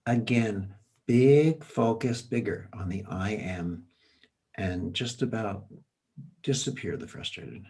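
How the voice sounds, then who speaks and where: Slow, low-voiced male facilitator. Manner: gentle, repeats prompts. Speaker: healing facilitator. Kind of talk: guided coaching exercise. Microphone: video call.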